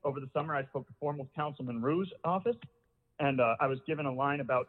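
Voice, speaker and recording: A man's voice: mid-range voice, fast talker. An out-of-breath man calling in with a public comment, insistent and frustrated. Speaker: public caller. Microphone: phone. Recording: phone line with long reverb.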